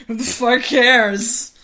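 A woman's voice: fairly high pitch, fairly even intonation, very slow, bright, forceful tone, full character voice. A woman voicing a brash, callous male submarine captain, scoffing and crude.

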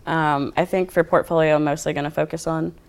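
Laid-back young man with gravelly tone. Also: a little high, steady tone, a little fast. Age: young adult. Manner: laid-back, rambling with many fillers. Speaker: guest artist. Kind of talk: casual chat.

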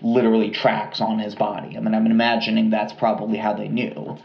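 A man co-hosting a podcast, telling a true crime story in a relaxed, rambling way with lots of fillers and restarts. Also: lowish voice, brisk, creaky, echoey room, dull audio. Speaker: podcast co-host.

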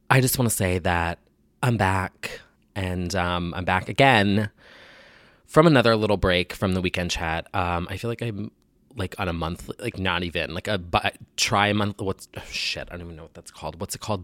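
A man's voice: deep voice, a bit bright, dry recording. A young man hosting a casual solo podcast, slightly nasal from a sinus infection, rambling and joking crudely. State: getting over a sinus infection. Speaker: podcast host.

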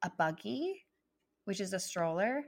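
Animated woman chatting with many "like"s. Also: medium pitch, a little slow, gravelly. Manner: animated, full of "like" fillers. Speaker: podcast co-host. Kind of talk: casual chat.

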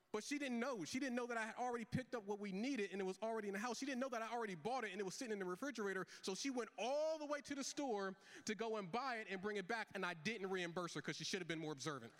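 Animated fast-talking pastor in a hall. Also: male voice, high-pitched. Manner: storytelling with animated quoted dialogue. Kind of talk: sermon.

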